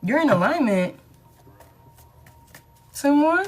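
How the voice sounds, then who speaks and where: A woman's voice: high voice, big pitch swings, slow, faint music behind. Blunt, slangy woman reading tarot. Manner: blunt, slangy, affirming, swears freely. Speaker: tarot reader. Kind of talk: casual collective tarot reading.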